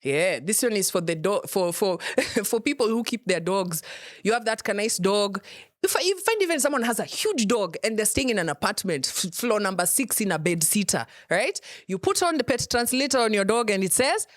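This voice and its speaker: A woman's voice: mid-range voice, expressive, moderate pace, no room sound, clean studio sound. A young Kenyan woman hosting a comedy show, teasing and laughing often as she jokes. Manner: playful, teasing, laughs often, mixes in Swahili. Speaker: host. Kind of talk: comedic monologue.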